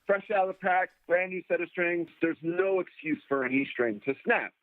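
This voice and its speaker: A man telling a story as a podcast guest, talking in a lively way and acting out the people he quotes. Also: sits high, normal speed. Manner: animated storyteller, acts out quoted voices. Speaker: guest musician. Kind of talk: casual storytelling interview. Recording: phone-like remote line.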